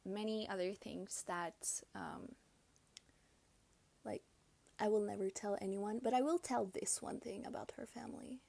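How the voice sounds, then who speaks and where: With a creaky, darkish, medium-pitched voice, a young woman tells stories on her casual podcast while putting on makeup. She is unhurried and fairly even in intonation, pausing often, confiding in listeners and frequently whispering.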